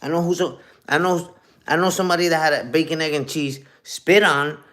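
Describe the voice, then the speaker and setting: Slangy man in his forties, rather high. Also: steady tone, fairly quick, sharp tone. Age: 40s. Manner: slangy, chatty, keeps tagging "you heard?"; reads and answers viewer comments. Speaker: livestream host. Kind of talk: casual livestream chat.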